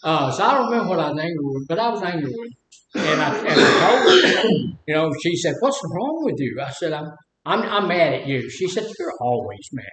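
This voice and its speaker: Older man, folksy rambling storyteller, slightly high voice, roomy echo. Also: expressive, brisk, crowd noise. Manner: folksy, rambling storyteller who acts out quotes. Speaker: speaker leading a talk on anger. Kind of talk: casual teaching talk with stories. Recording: echoey room.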